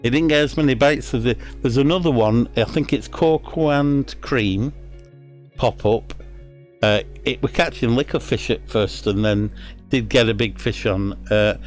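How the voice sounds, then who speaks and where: A man's voice: mid-range voice, a little slow, faint music behind. A middle-aged man from England with a Lancashire accent, giving casual, rambling commentary on a fishing game with many fillers and restarts. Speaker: streamer.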